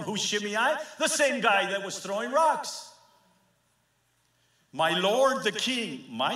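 Slow, bright-voiced impassioned male preacher. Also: high-pitched. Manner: impassioned, swinging from hushed to fervent. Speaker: pastor. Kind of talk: sermon. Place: church sanctuary. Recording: echoey church sanctuary.

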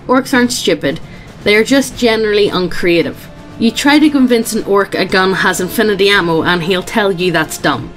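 A woman's voice: medium pitch, normal speed, faint music behind. A woman co-hosting a podcast, reading fan posts aloud in a dry, matter-of-fact way. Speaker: podcast co-host.

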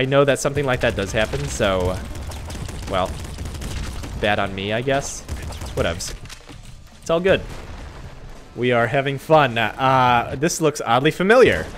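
Excitable male gamer host, wildly swooping voice, music bed under him. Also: medium pitch. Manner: excitable, swings from mutters to yelps and laughs. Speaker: gaming channel host. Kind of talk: let's play commentary. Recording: game music behind. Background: game music.

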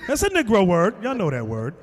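Man, preacher, storytelling sermon, high lively voice, reverberant hall. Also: a little fast. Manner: animated storytelling, acting out quotes, shouting at times. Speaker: teacher.

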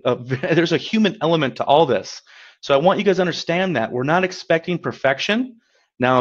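A man's voice: a little high, dull audio. A man giving a webinar as a coach, talking in an upbeat, encouraging, conversational way, often checking in with "right?". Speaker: credit repair coach. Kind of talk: webinar presentation.

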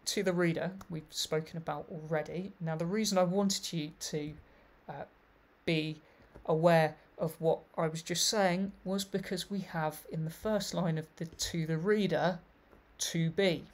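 A man's voice: fairly high pitch, fairly even intonation, measured pace, hardly any pauses. A man giving an explanatory video lecture, reading passages aloud and commenting on them as he goes. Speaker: literary researcher presenting a thesis.

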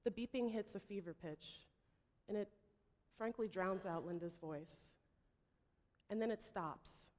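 A woman gives a startup pitch from a stage, voice at a middle pitch. She tells her story with drama and acts out the people she quotes. The long reverb of a large hall trails after each phrase. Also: a little slow, long pauses, darkish tone.

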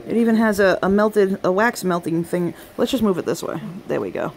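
A young woman hosting a casual live unboxing stream, chatty and excitable, often breaking off with delighted exclamations and asides to her family. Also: medium pitch, brisk, slight background noise. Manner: breaks off to talk to family off camera.

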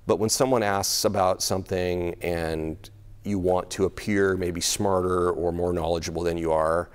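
Casual low-voiced male pastor preaching. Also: steady tone, moderate pace, smooth. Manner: conversational, laughs often, repeats words while thinking. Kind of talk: sermon. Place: church.

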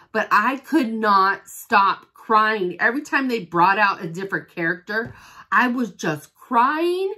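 A woman's voice: lowish voice, a bit bright. A woman chatting casually in an unboxing vlog as a home-fragrance consultant, rambling and gushing to her viewers like a devoted fan.

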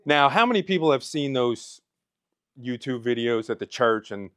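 A man's voice: medium pitch, lively intonation, moderate pace, a bit bright, clear, resonant tone, dry recording, studio quality. Emotional man giving a testimony speech. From Pennsylvania. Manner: emotional, fighting back tears. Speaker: speaker. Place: event hall.

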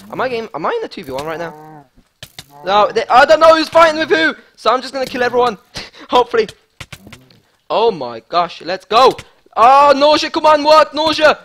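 A man giving excitable live gameplay commentary as a gaming YouTuber, hyped and repeating himself. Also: very high-pitched.

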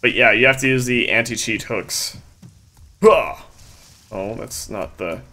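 A man's voice: mid-range voice, normal speed, sharp tone. A man casually chatting and joking while he streams a video game, talking to his chat and a friend. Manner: joking, loose, talks to chat while playing.

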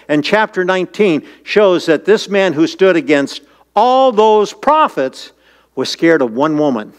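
Smooth-voiced preaching pastor, man. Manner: earnest preaching, asks the congregation questions; voice jumps high and urgent when paraphrasing scripture. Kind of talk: sermon with scripture reading. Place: church.

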